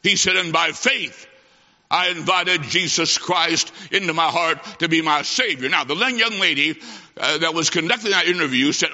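A man preaching a sermon, telling a story dramatically with slow delivery and long pauses. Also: on the high side, expressive, bright, forceful tone. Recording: hall reverb, dull lo-fi sound.

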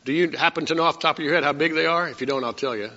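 Male preacher, bright voice a bit high, chatty Bible-study delivery, echoing church hall. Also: racing. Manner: conversational, asks the congregation questions. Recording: muffled sound with long hall reverb.

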